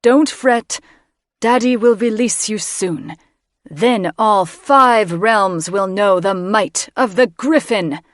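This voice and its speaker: A woman's voice: mid-range voice, slow pace, dry recording, clean studio sound, voice pushed up, lightly acted. A woman narrator voicing a gloating, villainous male mage who croons over his monster eggs with menace. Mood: crooning. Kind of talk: audiobook character voice.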